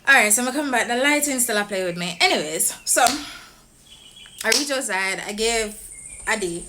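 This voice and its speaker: A young Jamaican woman vlogger telling a story to the camera in a casual, excitable way. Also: fairly high pitch, normal speed, noisy background. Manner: excitable, animated, laughs often.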